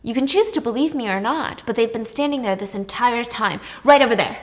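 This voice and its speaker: A woman voicing a distraught young woman who sees ghosts, pleading and insistent in a raised pitch. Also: a little fast, close to an everyday voice. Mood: defiant.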